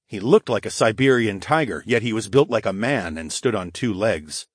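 A man narrating a first-person fantasy audiobook in a gruff, profane, animated way. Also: lowish voice, moderate pace, no echo, studio quality.

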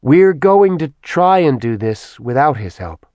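A man's voice: medium pitch, very animated, a little slow, darkish tone, no room sound, muffled recording, voice pushed up. A man voicing a weary young woman who tries to keep her unruly sisters in line. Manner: patient, warning.

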